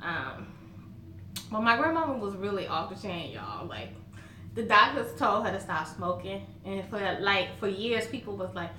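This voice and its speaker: A woman vlogger from the Southern United States chats to camera in a medium-pitched, sing-song voice at normal speed, pushed and bright. She's folksy, with a Southern American accent, laughing often as she tells stories. The recording has roomy echo and a little hiss or hum.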